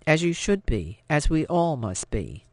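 A man's voice: a little high, sing-song, unhurried, no echo. A man voicing an old French farm widow who speaks tersely and dryly, stern and guarded. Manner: terse, dry.

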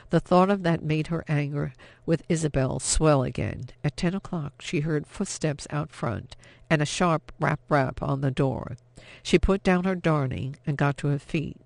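Gravelly male audiobook narrator. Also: a little high, no room sound. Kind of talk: scripted novel narration.

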